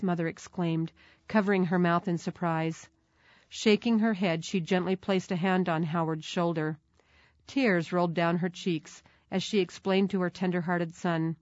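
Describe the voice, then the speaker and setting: Woman, storybook narration, measured, clear, dry close sound. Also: lowish voice, fairly even intonation, a little mellow, no room sound. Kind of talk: storybook reading for children. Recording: dull, dry recording.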